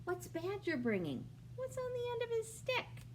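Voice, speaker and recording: A woman librarian reading a picture book aloud at a preschool storytime, pausing to ask the young listeners questions. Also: extremely high pitch, huge pitch swings, background noise. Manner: slow, sing-song, asks young listeners questions. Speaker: children's librarian.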